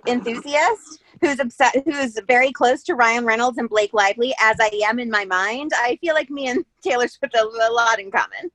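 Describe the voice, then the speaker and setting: A woman from Florida on a video call, with deadpan, self-mocking humor. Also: on the high side, moderate pace, few pauses, low-quality recording. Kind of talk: casual video call chat.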